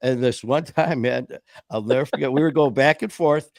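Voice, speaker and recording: A man in his fifties spins stories in a casual, rambling chat, acting out quoted voices and often restarting sentences. His voice is medium-pitched, creaky and at normal speed, recorded dry with clean studio sound.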